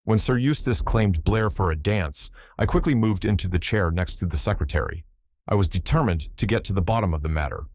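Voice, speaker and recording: Deep-voiced male audiobook narrator. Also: expressive, a little fast, a little mellow, dry recording. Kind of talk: first-person audiobook narration.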